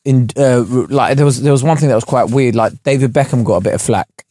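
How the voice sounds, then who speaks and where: A young man co-hosts a podcast, telling jokes and rambling, with frequent stumbles and restarts. His voice has a middle pitch, and it is picked up by a close, dry studio mic with no echo. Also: fast, mellow. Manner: jokey, rambling, stammers and laughs. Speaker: podcast co-host. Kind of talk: casual chat.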